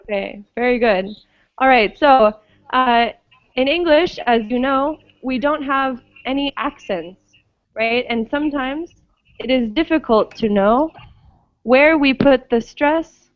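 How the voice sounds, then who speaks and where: This is a high-voiced woman running an online class on English pronunciation, with a muffled recording and no room sound. Her delivery is slow and patient, and she frequently checks whether students are keeping up.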